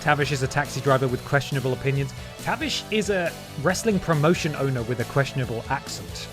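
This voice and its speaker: A man's voice: mid-range voice, lively intonation, fast talker. Give me a man calling a video game wrestling match like a joking announcer, with music behind him. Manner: jokey mock-announcer delivery with asides. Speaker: gaming streamer. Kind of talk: playful wrestling commentary over gameplay.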